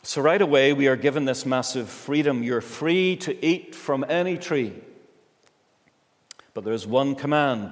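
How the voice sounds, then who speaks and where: A male pastor reading scripture and preaching a sermon in a church, measured with slow, emphatic pauses. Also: medium pitch, big-room sound.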